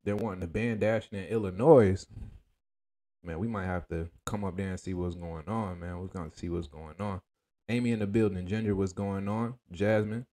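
A man hosting a casual livestream, talking in a laid-back, slangy way and greeting viewers by name with shout-outs. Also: low voice, steady tone, normal speed. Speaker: livestream host.

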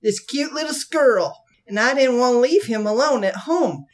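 A woman's voice: a little high, expressive, normal speed, lightly acted. A woman putting on the voice of a lonely, eccentric older woman who keeps a pet squirrel, speaking in a plain, earnest, ungrammatical way.

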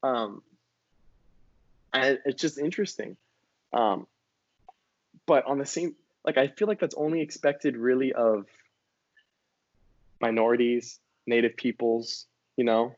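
A man's voice: medium pitch, measured pace, pauses often, no echo, highs cut off. A young man from Hawaii, a student, talking candidly in a casual conversation, laughing easily. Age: young adult. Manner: candid, laughs easily, does playful voices in quotes.

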